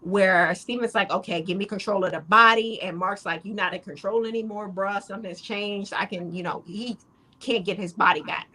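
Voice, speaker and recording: A woman co-hosting a casual show recap, retelling scenes in an animated way and acting out the characters' lines. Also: mid-range voice, moderate pace, poor audio. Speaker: podcast co-host.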